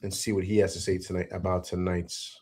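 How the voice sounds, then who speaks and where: Deep, level, and a little quick, this man's voice has a darkish, breathy quality. He runs a live-stream sports reaction show, addressing chat viewers emphatically, repeating lines, and leaning heavily on the word "man."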